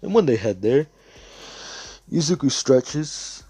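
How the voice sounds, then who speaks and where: A man's voice: mid-range voice, lively intonation, takes it slowly, dark tone, husky, no echo. Man casually narrating a fan story. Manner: loose and sweary, with filler asides. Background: faint background music.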